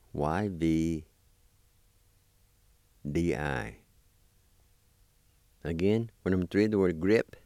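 A man with a very low, dark voice teaches vocabulary at an unhurried, careful pace. He spells each word letter by letter and repeats it. The sound is dry and close, with no room around it. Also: vocal fry, no room sound. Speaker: language teacher. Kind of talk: slow spelling and pronunciation lesson.

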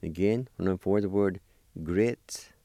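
Male language teacher, low and mellow, slow deliberate delivery, dry close recording. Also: no echo. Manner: slow, deliberate, repeats each word. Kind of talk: slow spelling and pronunciation lesson.

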